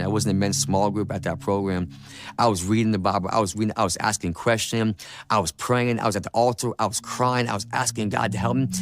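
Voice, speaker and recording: A man telling his personal faith testimony in an earnest, emotional, repetitive way. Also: lowish voice. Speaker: testimony speaker.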